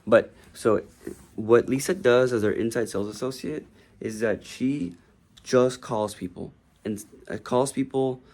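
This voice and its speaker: A man's voice: mid-range voice, measured pace, darkish tone. A man who works as a real estate agent giving a casual, rambling tour of his office, talking loosely with many fillers. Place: office indoors.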